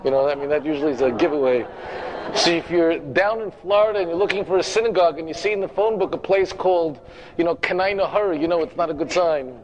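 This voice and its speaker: A man's voice: a little high, fast, lo-fi sound, a little hiss or hum. A man giving a lecture as a rabbi, speaking emphatically, repeating his phrases and turning to the audience with direct asides. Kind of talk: lecture to a congregation.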